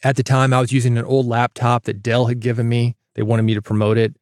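A man's voice: medium pitch, level tone, quick pace, darkish tone, no room sound. A man hosting his own podcast in a casual solo monologue, with varied, emphatic delivery, recorded in a foam-treated closet studio. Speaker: podcast host. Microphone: studio microphone.

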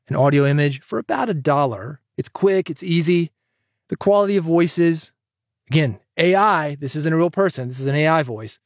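A man hosting a podcast, giving advice in an energetic, chatty way that jokes with the listener. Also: a little high, dry recording, clean studio sound. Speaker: podcast host and coach.

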